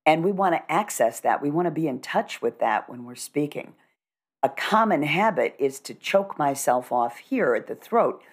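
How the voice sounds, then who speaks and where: A middle-aged woman with a low, grounded voice explains how to speak with presence. She talks in a measured, instructive way, sure of what she teaches. Her delivery is calm and conversational. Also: slightly rough. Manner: instructive, measured and assured, demonstrates voice techniques. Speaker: communication coach. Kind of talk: conversational podcast interview.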